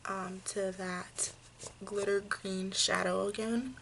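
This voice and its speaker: A woman talks through a makeup tutorial at an unhurried pace, calmly explaining each step with plenty of "um"s. Her voice has a gravelly, fry-tinged edge, and a faint hiss of room noise sits behind her. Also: mid-range voice. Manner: slow, gentle step-by-step explaining with fillers. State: hiccups. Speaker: makeup vlogger.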